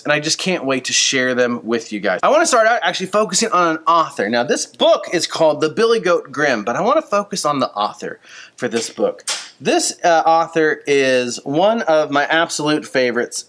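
Bright, upbeat man doing a book talk. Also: on the high side. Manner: upbeat and enthusiastic, playful asides. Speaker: school librarian. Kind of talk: casual book talk to students.

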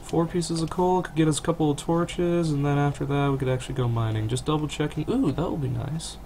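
A man's voice: a little fast, mellow. A young man giving a rambling, self-deprecating, casual let's-play commentary from his computer at home, on a cheap mic. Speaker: gaming channel host. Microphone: cheap desktop mic near keyboard. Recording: noisy low-budget home recording.

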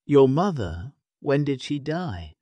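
A proud male lion with a stern, threatening manner, as a man acts him out. The storybook telling moves slowly, and the sound is dry and close. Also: medium pitch, sing-song, mellow, breathy edge, no room sound, pitched above the performer's own voice, heavily acted. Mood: questioning. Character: big male lion, proud and quick to anger.

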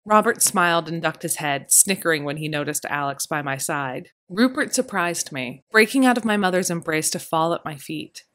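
Woman reading a novel aloud, low-voiced. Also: animated, normal speed, few pauses, a bit bright. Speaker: audiobook narrator. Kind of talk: scripted narration.

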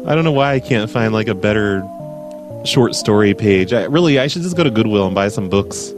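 A man's voice: lowish voice, lively intonation, a little fast, over music. A man hosting a live prank call show, teasing a caller in a mock-earnest way.

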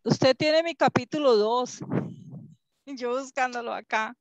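A woman's voice: high-pitched, unhurried, no echo, dull audio. A Spanish-speaking woman in an English class over a video call, repeating words playfully and unsurely. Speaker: student.

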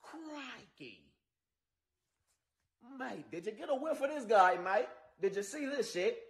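A man's voice: high-pitched, expressive, moderate pace. A man voicing an over-the-top wildlife-show presenter with a put-on Australian accent, mocking a haircut. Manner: exaggerated, mocking.

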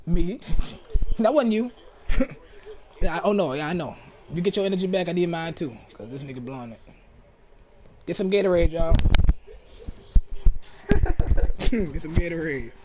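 Lively, high-voiced man, slow delivery, excitable game commentary. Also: highs cut off, noisy background. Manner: excitable, shouts and laughs at plays. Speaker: gaming commentator. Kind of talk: casual video game commentary.

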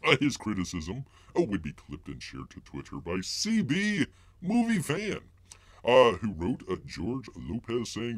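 Rambling man with a wildly swinging pitch. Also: huge pitch swings, measured pace, no echo. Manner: rambling and mocking, speaks of himself in the third person; heavy filler words and restarts. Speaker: live-stream host. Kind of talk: live-stream news commentary.

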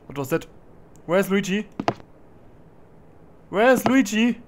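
A man with a high-sitting voice provides let's play commentary on a horror game, speaking slowly with lively intonation over a noisy background. He's jumpy, talks to himself, and yelps whenever something startles him.

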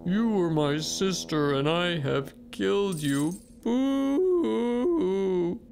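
A man's voice: high voice, very animated, gravelly, music in the background, pitched above the performer's own voice, exaggerated voice. A man voicing a proud male eagle who wails and sobs in exaggerated self-pity. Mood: mock grief. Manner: wailing, drawn-out theatrical sobbing.

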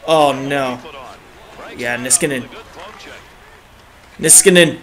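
A young man giving excitable live commentary on his own video game match, groaning and cheering at each play, his throat a bit dry. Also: mid-range voice, takes it slowly. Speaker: gaming channel host.

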